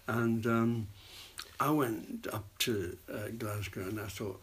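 An older man, an actor, telling rambling anecdotes in an interview and dropping into hushed asides. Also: fairly low pitch, takes it slowly, a little hiss or hum. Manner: rambling storyteller, drops to hushed whispers for asides. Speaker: actor guest.

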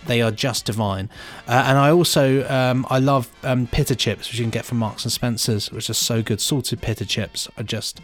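A man's voice: mid-range voice, steady tone, moderate pace, few pauses, soft background music. A man co-hosting a podcast, chatting casually and enthusiastically and laughing easily. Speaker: podcast co-host. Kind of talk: casual chat.

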